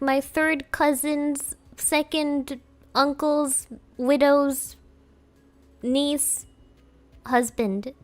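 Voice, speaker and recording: A young woman streaming live, chatting casually in a rambling, giggly way with lots of fillers. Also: high-pitched. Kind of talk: casual chat.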